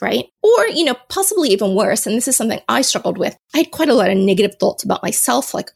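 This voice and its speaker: Woman, podcast host, casual solo talk, self-mocking, gravelly edge. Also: medium pitch, animated, quick pace, hardly any pauses. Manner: chatty and self-mocking, laughs at herself.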